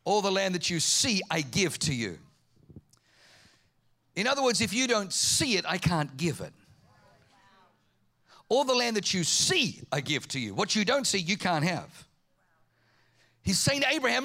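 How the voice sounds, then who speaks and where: Lively high-voiced male pastor preaching. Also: measured pace, pauses often. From Germany. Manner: animated storytelling, acting out quoted voices. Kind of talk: sermon.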